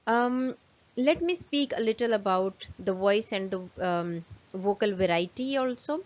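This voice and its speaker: A woman lecturer, giving a fast recorded lesson full of "um" and "uh" fillers. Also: mid-range voice, expressive, dull audio.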